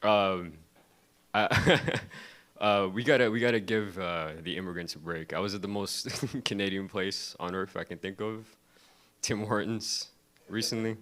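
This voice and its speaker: A young man with a lowish voice works the room in a stand-up set, loose and crowd-baiting, laughing between his lines. He talks into a handheld mic on a comedy club stage. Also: steady tone, measured pace, fairly bright tone. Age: young adult.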